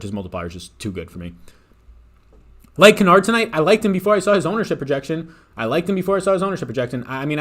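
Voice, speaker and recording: A man hosting a live fantasy sports picks stream, talking casually and swearing freely. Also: medium pitch.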